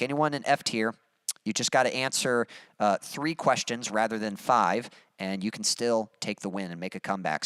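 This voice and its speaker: A man's voice: mid-range voice, fairly bright tone, no echo, studio quality. A young adult man hosting a casual livestream, upbeat and chatty as he reads out viewer comments. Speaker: livestream host and musician.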